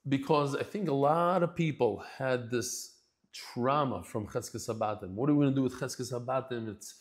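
A man's voice: mid-range voice, moderate pace. A man teaching a daily Talmud class, talking in a casual, heartfelt and emotional way with many restarts. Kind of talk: casual heartfelt lesson intro.

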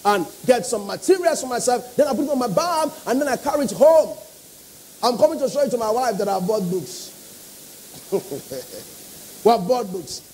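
High-voiced preacher with a Nigerian accent. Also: male voice, warm tone, rough recording. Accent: Nigerian English. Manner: emphatic preaching with repetition and call-and-response. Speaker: pastor. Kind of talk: sermon.

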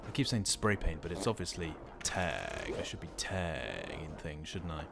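A middle-aged let's play host jokes and curses to himself while casually narrating his gameplay. His low, creaky voice is very animated and moves at a moderate pace, set against game music and a noisy background.

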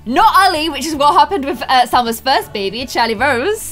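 Excitable high-voiced Irish woman gamer. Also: normal speed, few pauses, loud music behind the voice. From Ireland. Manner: excitable, frequent gasps and squeals. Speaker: gaming YouTuber. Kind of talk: excited let's-play commentary.

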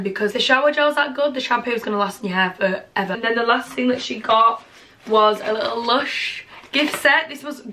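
A woman, gushing excitedly through a casual gift haul at home and swearing freely. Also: mid-range voice. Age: 20s. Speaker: vlogger.

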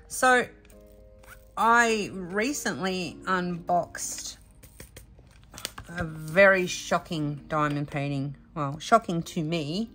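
A woman's voice: on the low side, fairly bright tone. A woman chatting casually while she does diamond painting, rambling with many fillers and restarts, and sounding emotional and worn out. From Australia. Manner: emotional, admits exhaustion. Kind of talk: casual chat while crafting. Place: home craft room.

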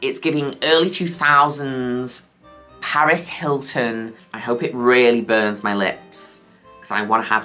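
A woman's voice: rumbling low, takes it slowly, fairly bright tone, soft background music. A woman reviewing makeup in a casual vlog, gushing, cheeky and chatty. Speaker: makeup vlogger.

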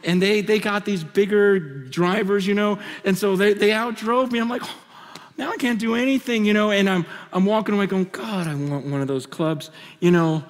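Animated man preaching in a hall. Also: sits high, moderate pace. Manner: animated, storytelling with repeated restarts and laughter. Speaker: conference speaker. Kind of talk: conference sermon, personal stories. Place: large conference hall stage. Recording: hall reverb from a large venue.

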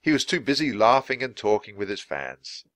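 Expressive man reading a storybook aloud. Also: medium pitch, moderate pace, no room sound. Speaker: storybook reader. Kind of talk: read-aloud narration for English learners.

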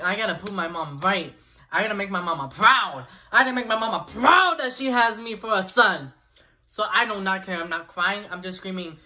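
A young man vlogger telling a personal story in an animated, chatty way with asides to viewers. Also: high voice, a little hiss or hum. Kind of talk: storytime vlog.

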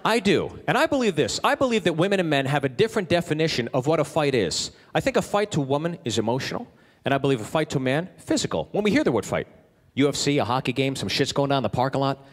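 A middle-aged man doing stand-up comedy, telling animated stories and ranting in exasperation. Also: fairly high pitch, quick pace. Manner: animated storytelling, exasperated rants. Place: stage in a comedy venue. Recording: live stand-up set with audience laughter. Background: crowd laughing.

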